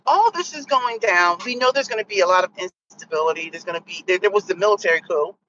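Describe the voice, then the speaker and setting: A woman hosting a casual livestream, talking in an animated, rambling way and correcting herself mid-thought. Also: on the low side, fast talker, highs cut off, a little hiss or hum. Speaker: host.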